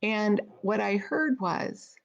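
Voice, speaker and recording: A middle-aged woman talks straight to her viewers in a relaxed, storytelling way, full of fillers and restarts. Her voice has a gravelly, fried texture. The sound is slightly dull and lo-fi. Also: mid-range voice, takes it slowly. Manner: chatty, with frequent fillers and restarts. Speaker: speaker trainer hosting a weekly live video. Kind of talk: casual spoken storytelling.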